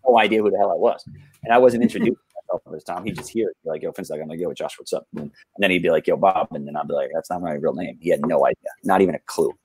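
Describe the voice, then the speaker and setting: A man with a very low, husky voice rambles through a casual story, piling up fillers and restarts. The sound is close and dry. He talks like a guest on a relaxed livestream. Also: rapid-fire, dry recording. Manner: rambling, laid-back, many fillers and restarts.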